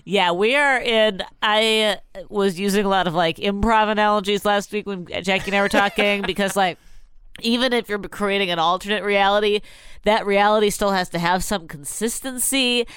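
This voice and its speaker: A woman co-hosting a casual comedy podcast, quick and sardonic, swearing casually. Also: medium pitch, fairly bright tone, clear, resonant tone, dry recording. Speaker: podcast co-host.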